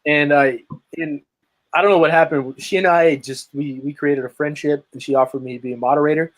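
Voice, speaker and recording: A man's voice: on the high side, fairly even intonation, brisk, poor audio. A man speaking as a guest on a video call, telling his story with energy, emphasis and many restarts. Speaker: guest, lead generation marketer. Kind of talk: casual interview chat.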